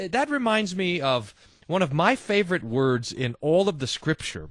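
Animated man hosting a faith talk show. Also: a little high, moderate pace, dry recording, studio quality. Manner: animated, mimics voices in asides. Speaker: host. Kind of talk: casual religious talk show.

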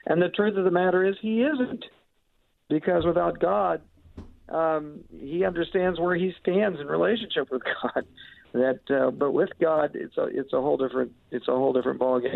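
A man's voice: on the high side, fairly even intonation, moderate pace, creaky, no room sound. A man co-hosting a Bible discussion, reflecting thoughtfully in a casual conversational way. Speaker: Bible study podcast co-host. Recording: dry tinny phone-like line.

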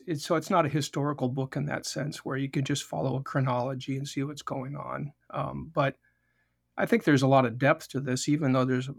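Gravelly-voiced male guest pastor. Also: medium pitch, no echo, clean studio sound. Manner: thoughtful, measured, with frequent ums. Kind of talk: radio interview and prayer.

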